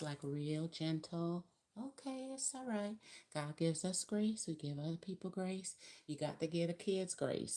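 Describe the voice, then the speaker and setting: Woman, low voice, chatty live-stream tarot reader with emphatic spiritual asides. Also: darkish tone.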